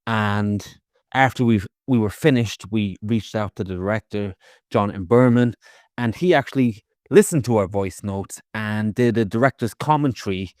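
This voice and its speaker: A man's voice: fairly low pitch, moderate pace, a little mellow, dry recording, clean studio sound. An Irish man casually explaining in a podcast voice note. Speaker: podcast host. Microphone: phone voice note.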